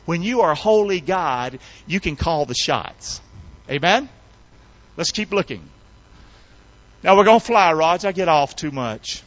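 A man preaching a sermon in a folksy, call-and-response style, swinging between loud emphatic shouts and low hushed tones. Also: big pitch swings, a little slow, pauses often, no echo. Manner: folksy, colloquial delivery. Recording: dull, dry, lo-fi recording.

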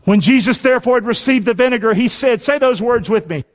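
A man's voice: high voice, expressive, normal speed. A man preaching a sermon, reading scripture aloud and leading the congregation to repeat it in a folksy, emphatic way. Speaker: pastor. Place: church. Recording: long echoey hall reverb.

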